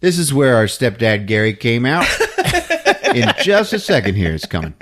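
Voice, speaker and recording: A man hosting a podcast, recapping a movie in a comedic, animated way. He laughs often and acts out the characters' lines. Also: mid-range voice, normal speed. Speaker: podcast host. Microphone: podcast microphone.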